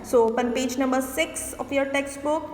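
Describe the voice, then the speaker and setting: A woman's voice: high-pitched, fairly even intonation, moderate pace, darkish tone. A woman teacher giving a classroom lesson, explaining points, asking questions and answering them herself. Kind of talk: classroom lesson mixing English and Hindi. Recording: echoey room with long reverb.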